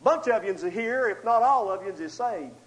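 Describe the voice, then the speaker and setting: A man preaching a storytelling sermon, swinging between loud outbursts and hushed asides. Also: high voice, lively intonation, normal speed, rough recording.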